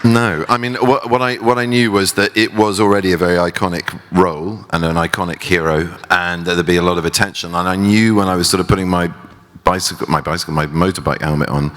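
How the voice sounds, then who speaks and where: A man's voice: low-pitched, steady tone, quick pace, a bit bright. A man interviewed on stage at a festival, talking in a hesitant, self-deprecating way with many restarts. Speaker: guest actor. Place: large theatre stage. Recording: long hall reverb.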